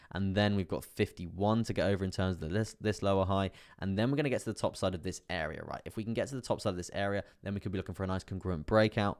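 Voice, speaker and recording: A man's voice: low-pitched, clear, resonant tone. A young man chatting casually on a live stream, commenting on trades with lots of fillers and asides to viewers. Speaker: crypto trading streamer.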